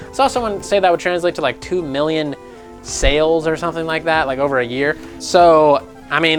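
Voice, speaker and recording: A young man hosts a casual gaming news vlog in a voice sitting a touch high for a man. He is animated and sarcastic, swears without a second thought, and keeps slipping into mocking voices for others. A faint music bed plays underneath. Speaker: gaming news channel host.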